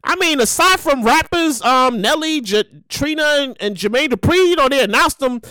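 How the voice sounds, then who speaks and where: Loud, animated woman podcast host. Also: sits high, normal speed, dry recording. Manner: animated, profane, acts out quotes in bursts. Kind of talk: casual monologue.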